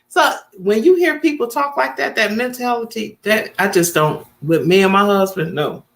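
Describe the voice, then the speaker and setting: A woman's voice: medium pitch, animated, moderate pace, creaky, few pauses. A woman, chatting to camera in a vlog, emphatic and repeating her points. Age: 50s. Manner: chatty, emphatic, repeats points, acts out quoted family voices. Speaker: vlogger. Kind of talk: casual storytelling to camera.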